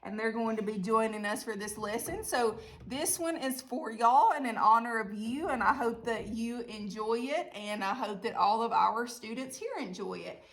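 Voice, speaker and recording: Southern lady art teacher, chatty, kinda high voice, walks kids thru drawing. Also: moderate pace, hardly any pauses, a bit bright. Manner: friendly, chatty, step-by-step instructions. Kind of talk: online art lesson.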